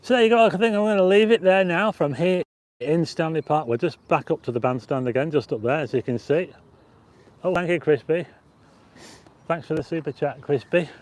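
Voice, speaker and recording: On the high side and a little fast, this man's voice has a darkish tone, and the recording is dry. He hosts a live walking vlog in a city park, using a plug-in mic on a phone with a stabilizer. Rambling and chatty, he greets viewers and reads chat out loud.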